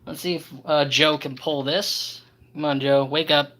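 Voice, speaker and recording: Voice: medium pitch, steady tone, a bit bright, poor audio. Tired, chatty model train streamer. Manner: chatty, halting with many fillers, talks to toy trains. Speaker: model railroad livestream host. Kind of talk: casual live-stream chat.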